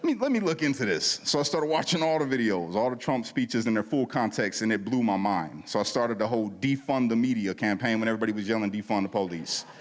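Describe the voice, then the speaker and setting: A man's voice: on the low side, fast talker, few pauses. A man giving a casual, slangy testimony at a church service, telling his story with lots of animation and acting out the dialogue. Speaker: guest speaker at a church service. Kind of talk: testimony talk. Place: church hall. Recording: long hall reverb.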